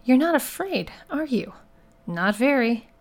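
A woman's voice: high-pitched, big pitch swings, measured pace, pitched above the performer's own voice, full character voice. Joe, a woman voicing a cocky male investigator. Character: cocky male private investigator, calm and bold.

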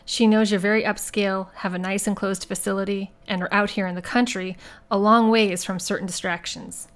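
A woman voicing a male detective posing as a soft-spoken, giggly rich twit in an audiobook. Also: medium pitch, steady tone, fairly quick, lightly acted. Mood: silly. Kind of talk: audiobook character voice.

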